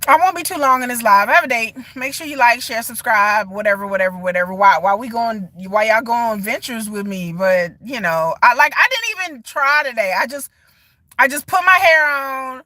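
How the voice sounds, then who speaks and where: A woman, chatting casually to her viewers on a phone live stream from inside a parked car, animated and talkative. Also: a little high, normal speed, no echo. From Texas. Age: 40s. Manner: chatty, animated, often laughs and says y'all. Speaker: vlogger. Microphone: phone held at arm's length.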